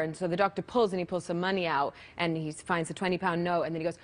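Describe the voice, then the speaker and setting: A woman's voice: on the low side, steady tone, quick pace, hardly any pauses. A woman appearing as a guest on a talk show, chatting and telling a joke while laughing at herself. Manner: giggly, self-deprecating.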